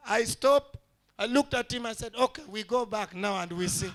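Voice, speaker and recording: This stand-up comedian speaks at a moderate pace into a stage mic, his high, bright voice animating the story as he takes on character voices for each person involved.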